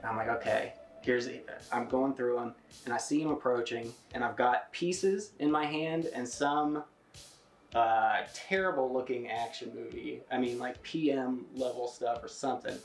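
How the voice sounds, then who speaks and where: A man's voice: medium pitch, fairly even intonation, unhurried, soft background music. A man casually telling an amused anecdote in an interview. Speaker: interviewee, tape collector. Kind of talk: casual storytelling. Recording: roomy echo.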